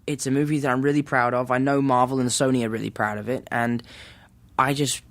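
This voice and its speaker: A man's voice: medium pitch, flat delivery, brisk. A man in his early twenties with an English accent, chatting eagerly and easily as a podcast guest. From England. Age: 20s. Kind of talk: casual chat.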